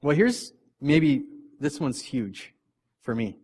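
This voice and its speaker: A mid-pitched man preaching in a relaxed, conversational way, as if chatting with his congregation. He laughs at himself often and trips into restarts, and his voice drops to near-murmured asides before rising to emphatic points. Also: slow, breathy edge. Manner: frequent restarts, loudness swings from soft to punchy. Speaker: pastor; father of three young kids. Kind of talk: casual conversational sermon.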